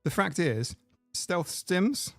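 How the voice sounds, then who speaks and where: A man's voice: high voice, big pitch swings, slow, dry recording, studio quality, faint music behind. A man hosting a casual live stream, chatting in a rambling way and laughing at his own jokes. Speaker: livestream host. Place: home room. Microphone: desk mic with mixer.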